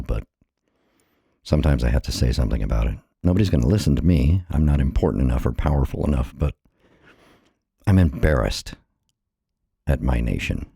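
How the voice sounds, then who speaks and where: Middle-aged man from the States, dark husky bass, a bit breathless, impassioned solo vlog rant. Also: dry recording, studio quality. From United States. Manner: earnest, impassioned, repeats phrases. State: a little out of breath. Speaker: vlogger. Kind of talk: personal monologue.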